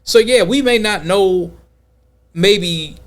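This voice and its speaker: A man hosting a podcast, talking in an emphatic, slangy, animated way during a casual debate. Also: high voice, takes it slowly. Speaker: podcast host.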